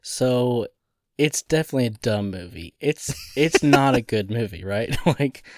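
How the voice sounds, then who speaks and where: Laughing, animated man on a podcast. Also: medium pitch, measured pace, dry recording, studio quality. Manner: animated, laughs often, exclaims in disbelief. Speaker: podcast co-host. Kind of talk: casual movie review chat.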